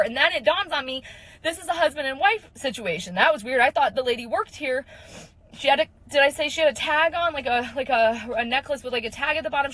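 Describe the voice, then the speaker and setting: A woman's voice: high voice, a bit bright, dry recording, low-quality recording. A young woman, a mother of four, telling a story in a chatty, filler-heavy way and acting out the people in it. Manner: chatty, lots of fillers, quotes people in voices. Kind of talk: casual storytelling video.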